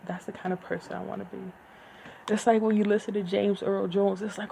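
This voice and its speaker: A woman who hosts a podcast, reading her own fiction aloud and then chatting casually, with slow, deliberate enunciation and rambling asides. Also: medium pitch, fairly even intonation, gravelly, dark tone, a little hiss or hum, rough recording. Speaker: podcast host and author.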